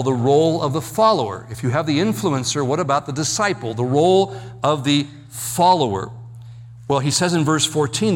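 Pastor preaching in a reverberant hall. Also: male voice, a little high. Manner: teaching, explains Greek words and verses step by step. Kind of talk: expository sermon.

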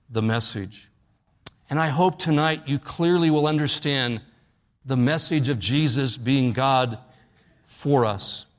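A middle-aged man preaching a sermon in a slightly higher voice than most men. He slows right down and sinks low at the end of each key phrase, as if pressing it home to the congregation. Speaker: pastor. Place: church service at night.

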